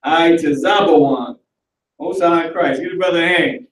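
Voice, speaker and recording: A man teaching an online Hebrew class in a casual, animated way, talking aloud as he works through the screen. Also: a little high, normal speed, a little hiss or hum. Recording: roomy recording from far off the mic.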